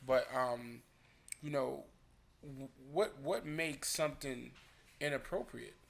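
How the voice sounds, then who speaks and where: A man co-hosting a casual group talk show, animated and acting out questions in quick bursts. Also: mid-range voice, gravelly. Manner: animated, acts out his partner's questions. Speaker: podcast co-host.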